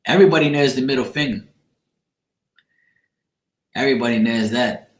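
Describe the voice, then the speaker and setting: A man's voice: medium pitch, normal speed, echoey room. A man from Bermuda with a Bermudian accent, rambling in slangy, profane casual chat as he hosts a livestream. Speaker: livestream host.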